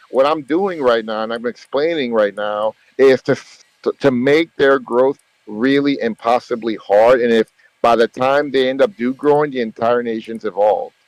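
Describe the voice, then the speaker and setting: A man's voice: mid-range voice, no echo, poor audio. Emphatic, rambling man in voice chat. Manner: emphatic, rambling, repeats himself, swears freely. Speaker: gaming channel host. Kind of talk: casual group voice chat about a mobile strategy game.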